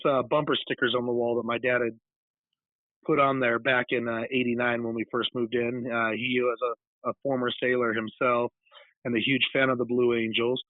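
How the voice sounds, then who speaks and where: Over a dry, echo-free line with a tinny phone quality, a California man speaks at a medium pitch. He's a guest author and paranormal investigator chatting informally in an interview. The story he tells runs long and loose, with frequent restarts and digressions.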